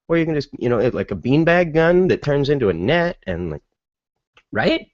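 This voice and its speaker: A man's voice: a little high, very animated, normal speed, dry recording, muffled recording. A man hosting a casual opinion monologue, exasperated and full of incredulous rhetorical questions and fillers. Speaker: podcast host.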